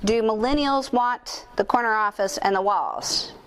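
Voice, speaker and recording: A woman's voice: on the high side, unhurried, slight background noise. A woman speaking at a conference into a microphone, telling stories and asking the audience questions, with jokes at her own expense. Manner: animated storyteller, asks the audience questions, jokes at herself. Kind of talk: lively keynote talk to an audience. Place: conference room at a chamber of commerce. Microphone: handheld or stage microphone.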